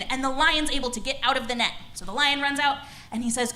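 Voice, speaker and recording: A woman leading children's story time in a church service, gentle, encouraging and animated as she guides the kids. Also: fairly high pitch, moderate pace, rough recording. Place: church sanctuary.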